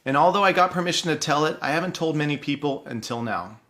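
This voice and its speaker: A man's voice: on the high side, lively intonation, a bit bright. Earnest man telling a true story. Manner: earnest, measured, pauses for effect. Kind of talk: personal storytelling.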